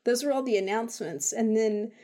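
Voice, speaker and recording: A young woman with a slightly high voice chats casually as a co-host. She talks in an excitable, rambling way, full of fillers. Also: brisk. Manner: chatty, excitable, lots of fillers. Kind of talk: casual chat about video game news.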